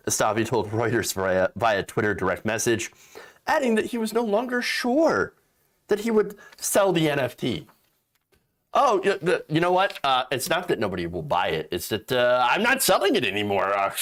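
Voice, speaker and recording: A man's voice: on the high side, huge pitch swings, measured pace, long pauses. A man hosting a political commentary show, sarcastic and exasperated, mocking what he reads and swearing freely.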